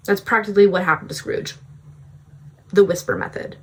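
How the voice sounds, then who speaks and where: A woman's voice: medium pitch, brisk, long pauses. A young woman vlogging self-help advice in a casual, breezy way, often saying "like". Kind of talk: self-help vlog talk.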